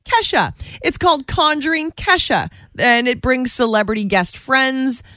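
A woman's voice: high-pitched, lively intonation, a little slow, bright, forceful tone, no room sound, studio quality. A woman co-hosting a radio show, chatting casually and giggling as she tells stories and reads entertainment news.

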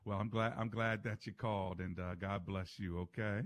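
Male call-in radio host, lowish voice, folksy and affirming, dry studio sound. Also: moderate pace, dry recording. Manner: lively, folksy, affirming callers. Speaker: radio talk show host.

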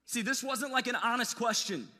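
A man preaching a sermon, telling stories in a casual, animated way with slangy asides. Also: extremely high pitch, moderate pace, in a large hall. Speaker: pastor.

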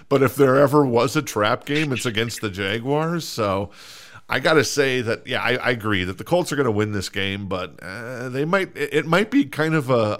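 A man's voice: medium pitch, fairly bright tone. A man with a Minnesota accent hosting a casual sports podcast, talking with many fillers and restarts. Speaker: podcast host.

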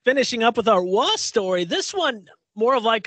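A man's voice: high-pitched, very animated, normal speed, hardly any pauses, a bit bright, dry recording. A middle-aged man co-hosting a casual radio show chat, rambling and restarting as he acts out little quotes. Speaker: co-host.

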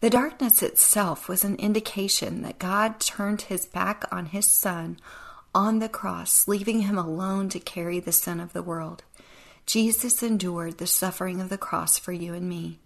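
Gravelly woman hosting a devotional podcast. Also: on the low side, steady tone, moderate pace. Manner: earnest, reflective, softly drops to whispers. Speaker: podcast host.

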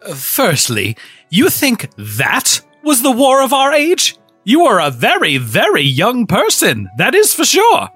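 A performer voicing a boastful, drunk old gnome headmaster in a comedic audio drama, swaggering between sly mutters and loud outbursts. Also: mid-range voice, huge pitch swings, measured pace, husky, dry recording, faint music behind, full character voice. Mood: scornful.

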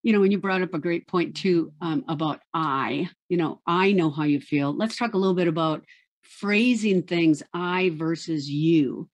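A woman's voice: lowish voice, normal speed, a little mellow. A woman hosting an interview show, chatting casually and asking her guest open questions. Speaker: podcast host.

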